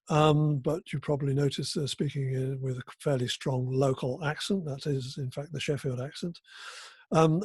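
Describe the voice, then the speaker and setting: An older man giving an academic conference keynote, talking haltingly with many fillers and restarts. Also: mid-range voice, darkish tone, breathy edge, dry recording. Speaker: keynote speaker.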